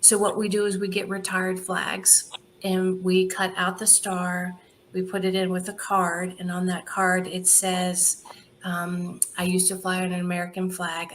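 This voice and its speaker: A woman's voice: fairly low pitch, normal speed, a little hiss or hum. A middle-aged woman, a charity founder, telling stories in a casual interview, laughing often and acting out the people she quotes. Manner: lively anecdotal, laughs often, acts out quoted dialogue.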